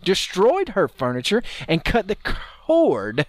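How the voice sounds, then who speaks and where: A man's voice: high voice, wildly swooping pitch, unhurried. A man hosting a podcast in casual chat, reading out story details with an amused, storytelling manner. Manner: amused, storytelling, laughs often. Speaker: podcast host.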